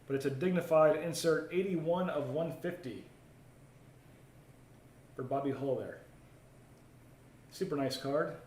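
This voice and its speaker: Card break host, male, casual patter while opening packs, slightly high voice, roomy sound. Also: measured pace, long pauses, a little mellow. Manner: chatty, reads viewer comments aloud while opening packs. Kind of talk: live card break commentary. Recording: roomy echo, faint ambient noise.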